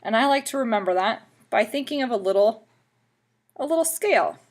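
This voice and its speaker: Woman math teacher, recorded lesson, patient step-by-step explainer, a little high-pitched. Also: expressive, a little fast. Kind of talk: classroom math lesson video.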